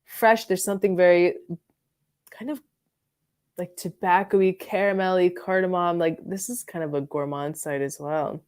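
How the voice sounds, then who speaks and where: She speaks on the low side with fairly even intonation and a moderate pace, her darkish tone coming across clear and resonant. The woman hosts a bedroom live stream reviewing perfumes, chatting casually and rambling with plenty of fillers and giggles.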